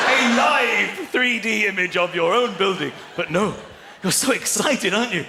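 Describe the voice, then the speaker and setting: An English man performing a stand-up comedy routine, acting out voices and bursting into excited shouts. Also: high voice, moderate pace, heavy background noise. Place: comedy stage before a live audience. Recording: live stage audio with loud crowd laughter.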